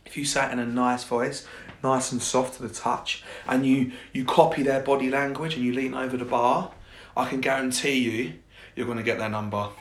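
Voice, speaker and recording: A man's voice: medium pitch, fairly even intonation, normal speed, slight background noise. A young man, a coach, talking casually and bluntly on a podcast, swearing and joking at his own lines. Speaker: fitness and confidence coach. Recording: echoey room.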